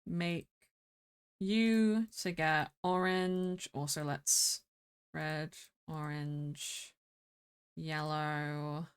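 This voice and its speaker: A woman's voice: low voice, steady tone, extremely slow, clean tone. A woman streaming a game, chatting casually, thinking aloud and laughing often.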